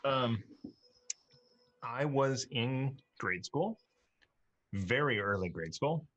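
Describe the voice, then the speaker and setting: An easygoing man hosts a relaxed live-stream chat. His voice sits at an ordinary middle pitch, and he talks in a loose, rambling way, full of ums and uhs. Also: slow, dry recording, highs cut off. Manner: easygoing, rambling with many fillers. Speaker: dungeon master and show host.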